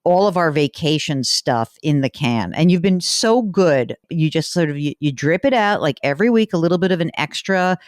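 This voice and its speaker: A woman hosting a money advice show, chatting briskly and teasing her co-host while she questions a caller. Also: low-pitched, expressive, no room sound, studio quality. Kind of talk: casual radio call-in chat.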